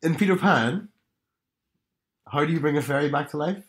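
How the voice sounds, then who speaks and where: A man co-hosting a podcast in casual chat, playful and teasing, with his voice jumping up in pitch on jokes. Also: moderate pace, a bit bright. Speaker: podcast co-host.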